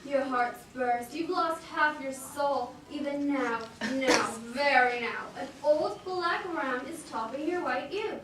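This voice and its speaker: Woman as an eager, foolish young gentleman; high voice, echoey and distant. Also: takes it slowly, few pauses, background noise. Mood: urgent. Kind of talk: amateur stage acting. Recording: very echoey room from far off.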